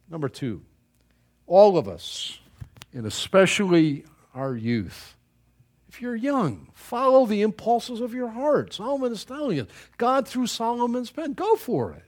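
A man preaching a sermon, exhorting his listeners emphatically and swinging between loud and soft. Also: sits high, wildly swooping pitch, a little slow.

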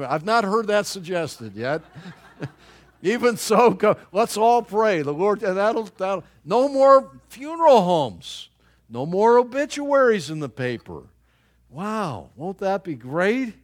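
A middle-aged man preaching a sermon as pastor, folksy and joking with the congregation by name. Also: high-pitched.

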